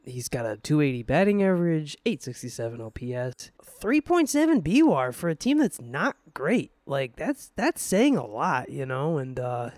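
A man's voice: on the high side, very animated, moderate pace, few pauses, a little mellow, no echo. A man co-hosting a casual sports podcast, opinionated and self-deprecating, with lots of fillers. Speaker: podcast co-host.

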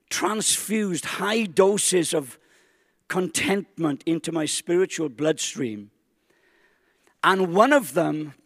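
A man preaching a sermon, emphatic and rising to exclamations with dramatic slow stresses. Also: fairly high pitch, studio quality. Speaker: pastor. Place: large church hall. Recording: long hall reverb.

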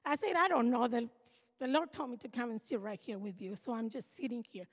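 High-voiced older woman giving testimony. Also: brisk, darkish tone, breathy edge. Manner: earnest, emotional storytelling. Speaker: church member giving testimony. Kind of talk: personal testimony. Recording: reverberant hall.

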